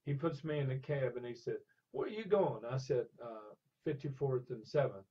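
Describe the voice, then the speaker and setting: An older man spins an animated anecdote in an interview, with a husky, slightly rough voice at a middle pitch. He drops into the voices of the people in his story. The recording sounds dull and lo-fi. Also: normal speed. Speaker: interview guest.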